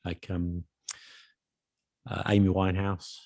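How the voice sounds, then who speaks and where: A man's voice: deep voice, monotone, takes it slowly, gravelly, a little mellow, no room sound, studio quality. A man co-hosting a podcast, explaining things with patient examples in casual chat. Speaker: podcast co-host. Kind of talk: casual chat about accents.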